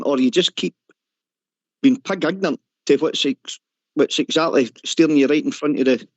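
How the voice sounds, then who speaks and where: A man's voice: on the high side, moderate pace, no room sound. Emphatic co-host, man. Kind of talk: casual phone-in chat. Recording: dry, dull lo-fi.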